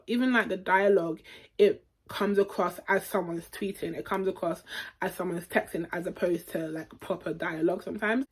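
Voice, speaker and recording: A woman's voice: medium pitch, a little mellow, breathy edge. A young woman giving a casual, frank film review full of slangy asides.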